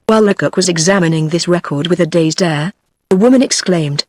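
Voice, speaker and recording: A text-to-speech woman's voice with a British accent, narrating a classic novel in an even synthetic way. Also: fairly low pitch, fairly quick, dry recording. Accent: British English. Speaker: audiobook narrator. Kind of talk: text-to-speech book reading.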